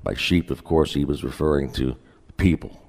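A man pastor preaching a sermon in a relaxed, conversational way with folksy asides, in a church sanctuary. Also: very deep voice, moderate pace, long reverb tail.

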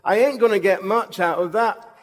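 Male preacher, high voice, joking storyteller, long hall echo. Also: moderate pace, slight background noise. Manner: humorous, self-mocking anecdotes. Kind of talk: storytelling sermon.

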